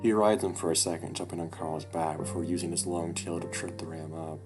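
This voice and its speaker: A man with a very low voice reads a visual novel aloud in a loose, casual manner. He swears freely and drops in his own asides, with music playing clearly in the background. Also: little pitch movement, brisk.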